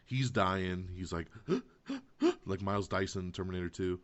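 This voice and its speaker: A man hosting a casual movie review podcast, retelling scenes with animated, profane excitement. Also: low-pitched, unhurried. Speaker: podcast host. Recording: dull lo-fi podcast audio.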